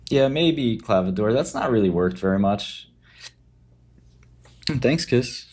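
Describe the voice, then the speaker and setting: A man's voice: mid-range voice, expressive, slow pace, darkish tone. A man hosting a casual livestream, talking trading in a blunt, offhand way and giving advice. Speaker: livestream host and trader.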